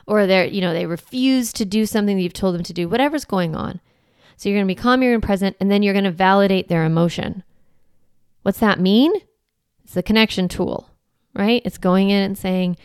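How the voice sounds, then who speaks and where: A woman parenting coach hosting a podcast, talking earnestly and gently and explaining with everyday examples. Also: mid-range voice, moderate pace, clean tone, no room sound, clean studio sound. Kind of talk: conversational advice podcast.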